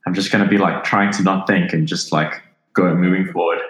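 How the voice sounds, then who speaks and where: A man with a very low voice plays his character in a tabletop game. He talks casually and repeats his words. The room carries a noticeable echo. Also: fairly even intonation, fairly quick, a bit bright. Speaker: player. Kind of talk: role-playing a character. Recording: roomy echo.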